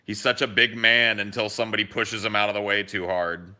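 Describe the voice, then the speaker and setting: Young male podcast co-host, bright and punchy, lower-pitched, animated swearing storyteller. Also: fairly quick. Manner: animated storyteller, swears freely, acts out quotes. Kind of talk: casual podcast chat.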